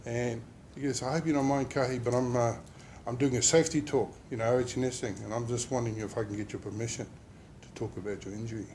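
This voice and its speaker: Speaking quickly at a medium pitch with fairly level intonation, this man recounts his own injury in an emotional workplace safety talk. The tone is a bit mellow, he rambles with many fillers, and a light hiss or hum can be heard.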